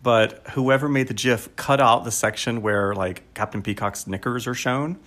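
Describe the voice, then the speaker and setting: Lively laughing man hosting a podcast. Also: mid-range voice, moderate pace. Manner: lively and laughing, with many fillers. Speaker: podcast co-host. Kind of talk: casual podcast chat.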